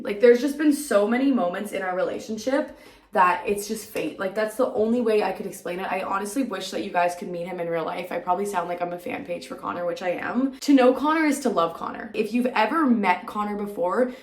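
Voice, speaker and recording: A woman's voice: mid-range voice, roomy sound. A young adult woman vlogger telling a personal story to camera in a gushing, emotional way, full of "like" and "literally". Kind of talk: casual story time to camera.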